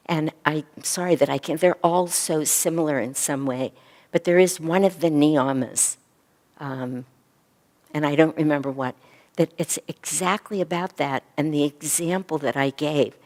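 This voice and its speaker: A woman teaching a spiritual yoga class, talking earnestly and often softly to a group. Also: low voice, moderate pace. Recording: echoey hall recording.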